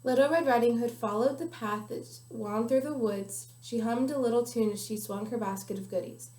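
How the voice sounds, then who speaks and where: A woman's voice: fairly high pitch, moderate pace, darkish tone. A young woman reading a children's picture book aloud carefully, with small slips now and then. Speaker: guest reader. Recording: echoey room.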